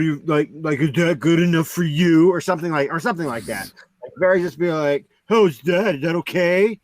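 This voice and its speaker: A man's voice: fairly high pitch, dry recording. A man co-hosting a podcast in casual chat, telling stories in a rambling way with many fillers. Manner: rambling storyteller, heavy on "like". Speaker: podcast co-host.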